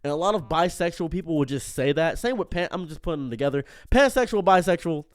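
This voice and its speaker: A man giving an unscripted commentary monologue as a streamer, animated and prone to tangents, often stopping himself mid-sentence. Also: a little high, fast talker, faint music behind.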